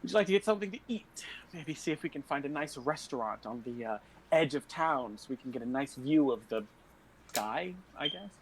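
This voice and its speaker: A man's voice: on the high side, lively intonation, brisk, slight background noise. A man playing his bard character in a tabletop game, hesitant and quirky, with an oddly formal politeness. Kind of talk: in-character tabletop role-play.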